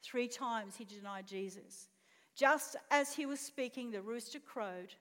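A woman's voice: fairly high pitch, a little slow, a bit bright. A woman pastor preaching a sermon, telling a story expressively and putting questions to the congregation. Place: church auditorium. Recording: long reverb in a church hall.

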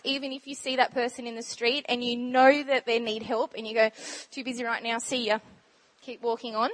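A woman giving an informal, chatty sermon talk in a church, bubbly and quick to laugh. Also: high voice, a bit bright. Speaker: church speaker sharing testimony.

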